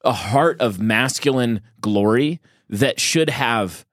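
A man's voice: mid-range voice, animated, slow pace, no room sound, studio quality. A man co-hosting a podcast, talking with enthusiasm and musing aloud, often restarting his sentences. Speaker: podcast co-host. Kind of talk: casual discussion.

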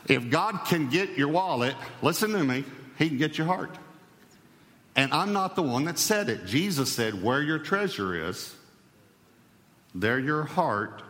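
A man's voice: fairly high pitch, fairly bright tone, in a large hall. A man preaching a sermon as pastor, emphatic and speaking directly to the congregation. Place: church hall.

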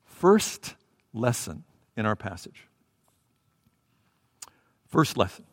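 A man preaching a sermon in a church, animated, swinging between loud and soft as he acts out the story. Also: on the low side, drawn-out words, no echo, studio quality, long reverb tail.

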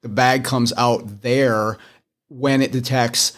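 A man who works as an auto technician and teaches, telling a story in casual chat, animated as he quotes himself in disbelief. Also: medium pitch, takes it slowly.

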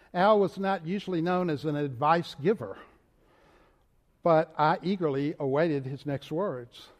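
An older man with a Virginia drawl speaks from the pulpit, slow and deliberate, his somewhat high voice carrying through the long reverb of a large church sanctuary. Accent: Southern US, Richmond Virginia. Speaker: moderator of denomination preaching. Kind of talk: sermon.

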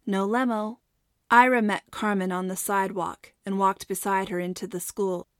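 A woman narrating a storybook in a steady, measured way. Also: medium pitch, no echo, studio quality. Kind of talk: audiobook narration.

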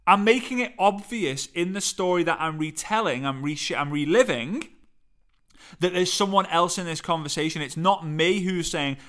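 Bright, forceful Liverpool man. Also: moderate pace. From Liverpool, England. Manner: lively, playful, varies voice high and low. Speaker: speaking coach. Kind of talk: energetic teaching talk. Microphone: studio microphone.

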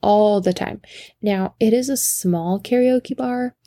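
A woman tells a casual story in a gravelly, mellow voice, animated and quick to laugh. She swears freely as she addresses her listeners. The sound is close and dry. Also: medium pitch, dry recording.

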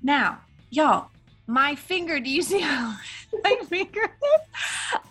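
A woman co-hosting a mom podcast, chatting casually and telling stories with animated, laughing exaggeration. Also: sits high, takes it slowly, faint music behind. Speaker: podcast co-host. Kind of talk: casual chat.

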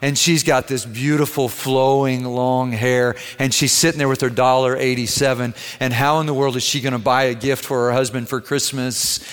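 A man preaching a sermon, telling a story with loud emphatic peaks that drop to hushed, slow endings. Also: medium pitch, flat delivery, clean tone. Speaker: pastor. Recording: large hall reverb.

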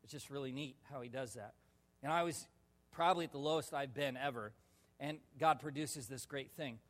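A male pastor telling a personal story in a sermon, animated and laughing, with sudden loud shouts. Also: medium pitch, normal speed. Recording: long reverb of a large hall.

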